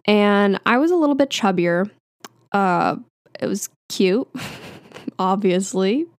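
A woman's voice: mid-range voice, expressive, slow pace, dry recording, studio quality. A young woman hosting her own podcast, talking casually and candidly with frequent fillers and light laughs. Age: young adult. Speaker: podcast host. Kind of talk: casual solo podcast chat.

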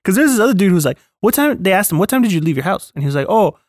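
A man's voice: high-pitched, very fast, no echo, clean studio sound. A man co-hosting a podcast, chatting casually about a film and acting out lines from it as he retells it. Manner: animated storytelling, acting out quotes. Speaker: podcast co-host. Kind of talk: casual chat reviewing a film.

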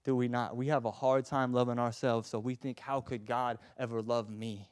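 A man preaching a sermon with passion, swinging from loud urging to a soft hush and often stammering and repeating words. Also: mid-range voice, level tone, moderate pace, dry recording, studio quality.

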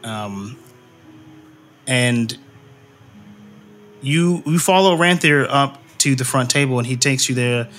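Guy gm narrating casually, lots of uhs, bright voice. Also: mid-range voice, slow pace, long pauses, a little hiss or hum. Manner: casual, filler-heavy narration. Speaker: game master. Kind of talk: narrating a tabletop game.

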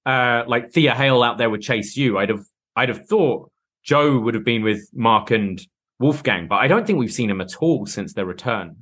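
A British man co-hosting a podcast, chatting about wrestling in a measured, hedging way. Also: mid-range voice, expressive, fairly bright tone. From Britain. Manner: measured, hedging, self-deprecating. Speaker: podcast co-host. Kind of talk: casual wrestling recap chat.

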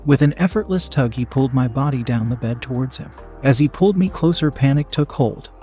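A man narrating a story in a steady, even reading voice. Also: medium pitch, fairly quick, soft background music. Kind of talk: audiobook-style story reading.

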